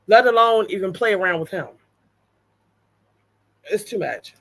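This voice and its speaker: A woman's voice: medium pitch, lively intonation, a little slow, fairly bright tone. A woman talks casually while hosting a reaction channel. She reads viewer comments aloud and answers them bluntly. Her tone is exasperated, and she swears freely.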